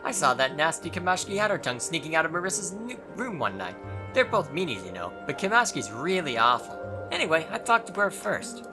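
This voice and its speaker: Casting: man playing a timid young game heroine, high and lively, fretful, over game music. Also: brisk. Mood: gossipy. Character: timid sweet young woman, eager to please.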